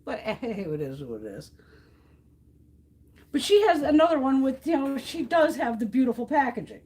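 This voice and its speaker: Sing-song and sitting high, the voice of this middle-aged American beauty host has a darkish tone and moves at a normal speed, with a little hiss or hum in the audio. She chats casually while depotting makeup, ranting bluntly and swearing a lot.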